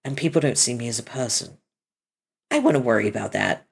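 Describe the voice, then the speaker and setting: Reading a webcomic out loud, a woman speaks fairly quickly in a bass voice that is creaky and a little rough. She performs the characters with switching voices, lively throughout, and drops offhand commentary between the lines.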